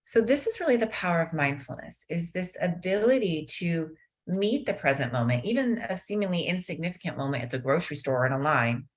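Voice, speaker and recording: A middle-aged woman teaching mindfulness on a video call, telling a story and then slowing into a gentle guided meditation. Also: on the low side, lively intonation. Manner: warm storytelling, slows into soft guided meditation. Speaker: mindfulness teacher and guest speaker. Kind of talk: webinar talk with guided meditation.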